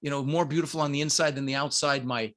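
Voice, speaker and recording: A middle-aged man with a fairly high voice, speaking from a room at home. He is a punchy, emphatic interview guest who drives each point home and keeps calling his listeners "guys". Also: fairly even intonation, quick pace, fairly bright tone. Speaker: guest, business coach. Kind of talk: energetic motivational interview talk. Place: home room with green screen.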